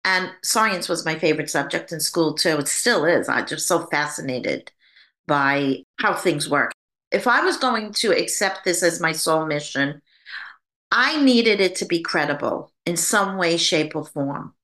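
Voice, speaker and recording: A woman who works as a psychic medium, telling her story in an interview in an animated way and acting out the voices she quotes. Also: sits low, measured pace.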